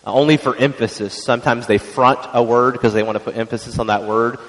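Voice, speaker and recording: A man's voice: mid-range voice, steady tone, fast talker, a bit bright. Man teaching in an echoing hall. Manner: explanatory, conversational, many restarts and fillers. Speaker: church teacher. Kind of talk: evening church teaching on scripture.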